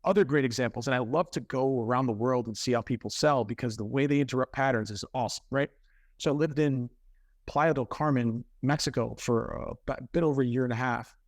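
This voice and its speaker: A man who is a podcast guest, telling a story in an animated, conversational way with quick self-corrections. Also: medium pitch, no room sound, clean studio sound.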